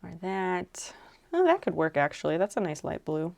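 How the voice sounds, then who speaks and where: A woman's voice: on the low side, big pitch swings, moderate pace, vocal fry, a little mellow, a little hiss or hum. A woman streaming live while she crafts, musing aloud as she works and answering her viewers' chat in a casual way.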